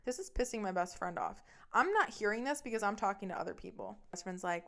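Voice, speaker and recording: A young woman tells a story from her own life on her podcast, swearing freely and sounding fed up. Her voice is smooth and clear, with a mid-range pitch. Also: a little fast, few pauses, fairly bright tone. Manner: profane, blunt and exasperated. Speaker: podcast host. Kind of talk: casual storytelling monologue.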